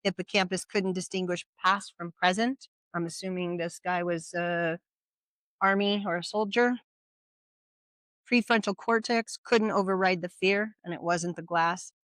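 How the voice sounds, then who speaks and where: A presenter giving an informal educational talk at a community workshop. They speak conversationally, with frequent rhetorical questions and quick check-ins with the audience. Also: mid-range voice, steady tone, a bit bright, dry recording. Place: community event at a brewery.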